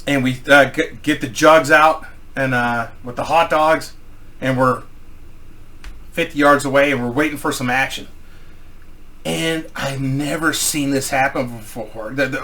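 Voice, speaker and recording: A man's voice: mid-range voice, measured pace, a bit bright. A man from Missouri telling a rambling, profanity-filled anecdote in a casual style. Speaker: storyteller.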